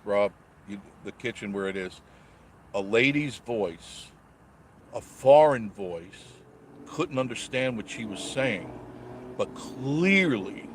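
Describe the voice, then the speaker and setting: A man's voice: lowish voice, slight background noise. A man vlogging while driving, casually chatting with viewers and reading their comments in a rambling, joking way. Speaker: vlogger reading live chat. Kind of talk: casual live-stream chat while driving. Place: in a car on the road.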